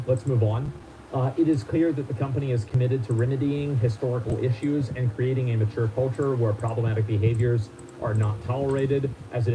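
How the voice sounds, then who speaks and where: A man reads a formal letter aloud on a stream. He keeps stopping for halting, disbelieving comments. There is clear noise under his voice. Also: medium pitch. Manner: halting, incredulous asides. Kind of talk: reading a statement aloud with commentary.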